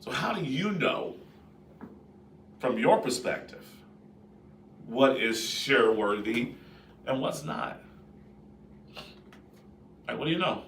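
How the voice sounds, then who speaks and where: A man hosting a live-stream talk, speaking in a lively, conversational way and putting questions to his viewers. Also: mid-range voice, a little hiss or hum. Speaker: host. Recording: roomy echo, distant mic.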